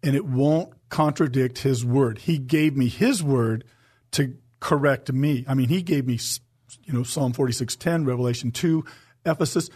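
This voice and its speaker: A man co-hosting a Christian talk show, giving an earnest, emotional personal testimony and slowing down to stress his points. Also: mid-range voice, a little mellow, slightly rough. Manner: earnest, emotional, slows for emphasis.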